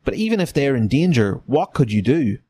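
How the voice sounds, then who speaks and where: A man's voice: medium pitch, big pitch swings, a little fast, warm tone, slightly rough. Irreverent man reading a gamebook. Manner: irreverent, swears in asides. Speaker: podcast host. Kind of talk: reading a gamebook aloud with joking asides.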